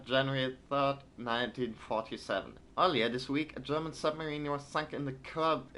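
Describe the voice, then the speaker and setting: A man's voice: mid-range voice, fairly bright tone. A man in the middle of a stream, reading printed game text aloud in a plain voice and then musing about it. His asides wander and stall on fillers and restarts, and his comments come out dry and wry, with a light hiss behind him. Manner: hesitant, filler-heavy asides between readings.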